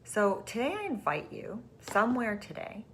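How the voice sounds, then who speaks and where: A woman hosting a spiritual teaching program, speaking softly and calmly, and now and then sinking into a breathy whisper. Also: a little high, normal speed, a little hiss or hum. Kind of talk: gentle spiritual teaching talk.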